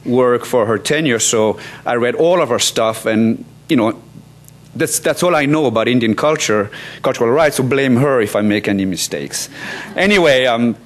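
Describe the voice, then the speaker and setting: Man, 60s, from France; academic conference speaker, halting, wry. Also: mid-range voice, lively intonation. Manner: halting, many restarts and fillers, wry asides. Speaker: law professor. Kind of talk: conference talk. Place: conference hall.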